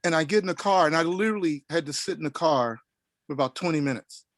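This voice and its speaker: A middle-aged man from Oklahoma telling a story on a panel, animated and rambling with many restarts. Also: a little high, fast talker, dry recording. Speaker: panel guest.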